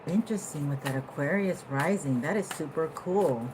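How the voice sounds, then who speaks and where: A woman giving a casual tarot reading to her viewers, animated, at times laughing and jumping from quiet musing to loud excited bursts. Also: low-pitched, moderate pace, noisy background. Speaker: tarot reader.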